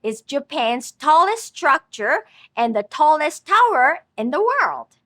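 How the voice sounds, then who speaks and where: A woman narrating a scripted language lesson, speaking slowly and carefully as she models pronunciation. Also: high-pitched, sing-song, a bit bright, no room sound. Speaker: language teacher.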